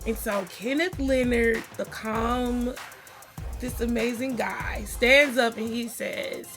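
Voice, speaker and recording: A middle-aged woman telling stories in a chatty, animated way as she introduces her family on her vlog. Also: a little high, slow pace, music in the background. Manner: animated, chatty, acts out quotes. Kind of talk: casual storytelling vlog.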